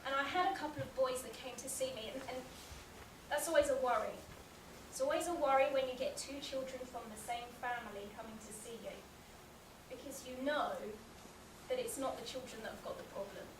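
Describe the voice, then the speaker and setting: A woman's voice: high voice, fairly quick. A woman giving a storytelling talk about her work as a child therapist, acting out the voices in her anecdotes. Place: meeting room, recorded from the audience. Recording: echoey room, distant mic, background noise.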